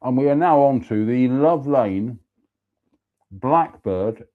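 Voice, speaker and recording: A man's voice: mid-range voice, expressive, takes it slowly, pauses often, phone-quality sound. A man, chatting casually as host about a walk and a beer, then reading out a ghost story. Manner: chatty, exclamatory, reads labels aloud.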